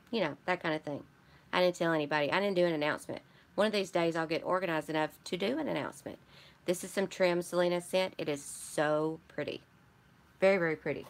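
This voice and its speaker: A woman with a Michigan accent chats through a casual live stream, wandering from one thought to the next. Her voice sits a little low. She greets viewers and answers their comments as she goes. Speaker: craft channel host.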